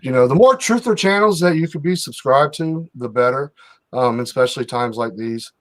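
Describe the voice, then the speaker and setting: A man's voice: medium pitch, animated, normal speed. A man hosting a casual livestream, joking around with his co-hosts and reading out the chat. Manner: joking, then reads out chat with shout-outs. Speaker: livestream host.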